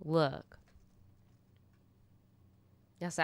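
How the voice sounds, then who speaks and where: A woman's voice: low voice, measured pace, pauses often, a bit bright, dry recording, studio quality. A young adult woman hosting a casual storytime, reacting with slangy, candid commentary and laughing asides. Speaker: storytime host.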